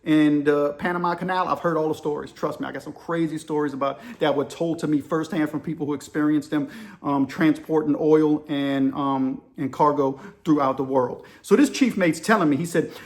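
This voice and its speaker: A man giving casual video commentary and telling stories, animated and addressing listeners directly. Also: a little high, a little fast. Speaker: commentator on current events.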